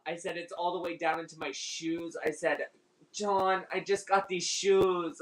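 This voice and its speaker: A man's voice: sits high, level tone, unhurried, low-quality recording. A man telling a story in casual chat on a livestream, laughing often and swearing freely.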